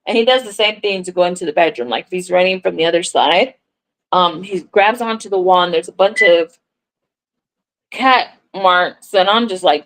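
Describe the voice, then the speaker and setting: A woman chatting on a crochet livestream, telling a story in a lively way, acting out what people said and swearing now and then. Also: on the low side, moderate pace, rough recording. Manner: animated storyteller, acts out dialogue, swears casually. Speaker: crochet content creator on a livestream. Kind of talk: casual livestream chat, storytelling.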